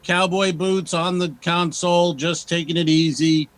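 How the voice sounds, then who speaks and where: A man's voice: on the high side, fairly even intonation, a little slow, low-quality recording. A man co-hosting a casual comedy podcast, laid-back and chatty, chiming in with short agreements between longer stories. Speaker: podcast co-host.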